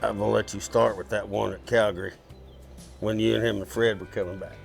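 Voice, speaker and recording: Gravelly man chatting. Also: lowish voice, steady tone, fairly quick, faint music behind. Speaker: interviewee, fellow roper. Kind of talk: casual interview banter.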